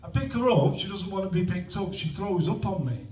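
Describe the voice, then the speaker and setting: A man's voice: high voice, animated, fairly quick, a little mellow, muffled recording, slight background noise. Young male stand-up, rambling and self-mocking, recorded at a distance in a reverberant venue. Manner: self-deprecating, awkward, trailing off mid-joke. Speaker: stand-up comedian at an open mic. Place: comedy club stage with audience. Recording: roomy venue sound from a distant mic.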